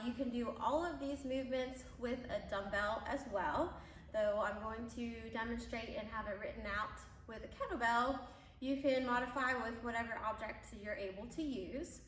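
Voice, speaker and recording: Female fitness coach, clear step-by-step cues while moving, echoey room. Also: on the high side, a bit bright, a little hiss or hum. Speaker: fitness trainer. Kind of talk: workout demonstration instructions. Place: gym. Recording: echoey gym, mic at a distance.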